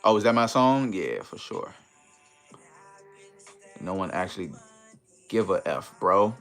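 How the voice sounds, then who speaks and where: Deep-voiced laid-back man. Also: very animated, a little slow, a bit bright, faint music behind. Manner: laid-back, reads viewer comments aloud and greets them. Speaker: livestream host. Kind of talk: casual livestream chat.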